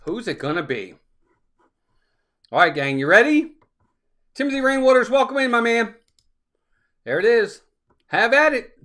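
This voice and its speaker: A man's voice: sits high, pushed and bright. A man hosting a casual live stream, upbeat, laughing often and greeting viewers by name. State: out of breath.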